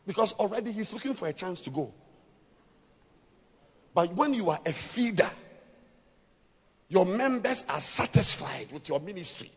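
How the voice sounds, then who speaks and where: A man preaching a sermon to pastors, dropping to hushed scripture reading and rising to shouted exhortation. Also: high voice, sing-song, normal speed, pauses often, husky. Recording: lo-fi with long hall reverb.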